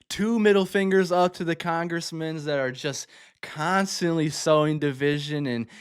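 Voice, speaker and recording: A man's voice: mid-range voice, clean tone, dry recording, clean studio sound. A man hosting a music reaction, talking casually and enthusiastically, often exclaiming between thoughts.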